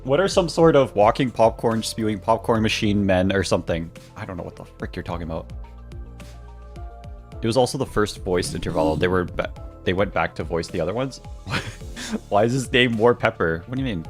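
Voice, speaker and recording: A man's voice: fairly low pitch, fairly quick, soft background music. A young man streaming a game, reading its dialogue aloud in playful voices and joking with his chat.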